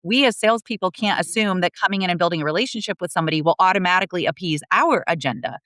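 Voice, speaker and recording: A woman with a lowish, slightly bright voice races through an explanation of sales as a guest on a casual podcast. She's earnest and frequently restarts her sentences, and there's no room sound at all.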